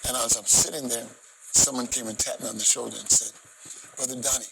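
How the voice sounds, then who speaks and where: A man, a gospel singer, telling a personal story in an interview, dramatic and acting out voices and shouts. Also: medium pitch, fairly even intonation, quick pace, vocal fry, background noise.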